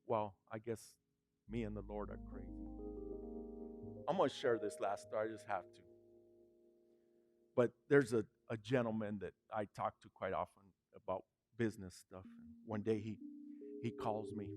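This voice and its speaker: A man's voice: lowish voice, normal speed, pauses often, faint music behind. A male pastor giving a sermon in a conversational way, telling a story and laughing as he goes. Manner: animated, conversational, laughing at his own stories.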